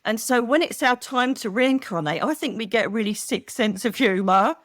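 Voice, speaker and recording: A middle-aged British woman, a psychic medium, chats as a guest in an interview, telling stories with animation and performing the voices of people she quotes. Her voice sits on the high side with lively intonation, a slightly bright tone and normal speed. The recording is studio quality with no room sound.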